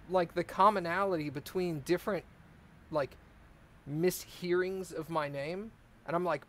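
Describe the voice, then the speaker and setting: A man's voice: on the high side, moderate pace, a little hiss or hum. A man streaming a car repair game, chatting casually and joking with his viewers in a rambling way. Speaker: let's play streamer. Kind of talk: casual gameplay chat.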